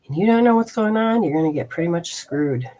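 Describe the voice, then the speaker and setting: A woman's voice: lowish voice, animated, brisk, dark tone. A woman hosting a healing show, talking straight to the viewer, emphatic and folksy, with rhetorical questions and exclamatory asides. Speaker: host and energy healer. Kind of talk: instructional health show.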